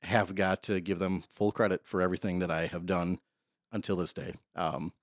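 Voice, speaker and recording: Male guest, police dog trainer, deep voice, rambling storyteller, dry studio. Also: little pitch movement, moderate pace, no room sound. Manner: rambling, self-interrupting storyteller. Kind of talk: casual storytelling interview.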